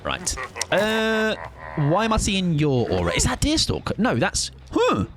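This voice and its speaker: A young man streaming a game, chatting excitably and mocking himself as he plays. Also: high voice, measured pace, noisy background. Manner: chatty, excitable, self-mocking, swears casually. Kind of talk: live gameplay commentary. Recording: game music under the voice.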